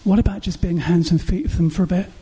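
A man preaches from the pulpit, his voice pitched notably high yet mellow and soft in tone. A heavy huskiness runs through every phrase as he stacks up rhetorical questions, earnestly urging his congregation. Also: quick pace, slightly rough. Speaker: pastor. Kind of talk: sermon.

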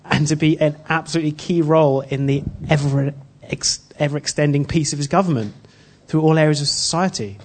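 A man giving an informal sermon built around a personal story, earnest and halting, with frequent restarts. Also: on the high side, a little mellow, slight background noise. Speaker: church speaker.

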